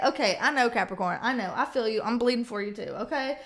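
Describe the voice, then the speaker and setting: A woman's voice: on the high side, fast talker, hardly any pauses, fairly bright tone. A woman giving a casual tarot reading, blunt and chatty, swearing freely and acting out the people she quotes. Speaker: tarot reader.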